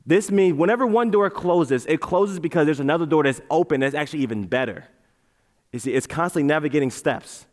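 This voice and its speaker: A man giving a playful, animated motivational talk on a large auditorium stage, leading the crowd in chants. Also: fairly high pitch, brisk. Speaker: motivational speaker. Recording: reverberant hall.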